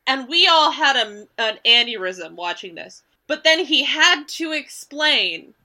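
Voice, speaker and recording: Casting: high-voiced woman player, very bright, blunt, animated storyteller. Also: a little slow. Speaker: tabletop game player. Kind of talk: casual chat.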